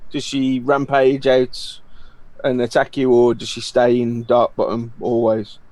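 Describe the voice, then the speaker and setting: A man's voice: mid-range voice, completely flat delivery, unhurried, darkish tone, no room sound. A man playing a tabletop game, asking questions in a laid-back way. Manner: inquisitive, chuckling questions. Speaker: player. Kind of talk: casual tabletop role-play.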